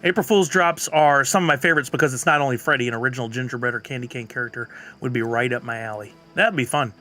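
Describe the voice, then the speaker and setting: A man's voice: medium pitch, quick pace, bright, forceful tone, soft background music. A man streaming live, chatting casually and answering viewers' comments. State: has the hiccups.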